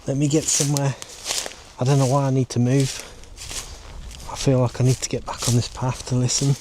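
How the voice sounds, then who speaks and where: A man talking casually to his camera while exploring woods outdoors, hushed and jumpy, rambling as he goes. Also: medium pitch, flat delivery, a little fast. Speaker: paranormal investigator vlogger. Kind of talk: casual vlog commentary. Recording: faint outdoor noise.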